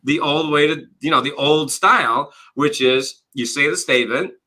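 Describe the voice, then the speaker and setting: A man's voice: on the high side, normal speed. A man, a business coach and author, talking as an interview guest, with lots of "you know" and "right?" fillers and acted-out quotes. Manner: animated, explains with acted-out quotes and rhetorical questions. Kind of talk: conversational interview.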